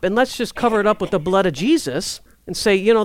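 A woman preaching a sermon in a conversational, lively way, acting out prayers and inner thoughts. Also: medium pitch, fast, few pauses, dry recording.

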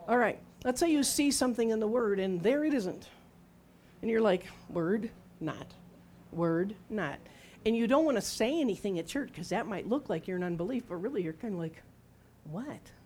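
A woman's voice: on the high side, a little mellow, a little hiss or hum. A middle-aged woman preaching a sermon in a conversational, humorous storytelling way, acting out quotes as she goes.

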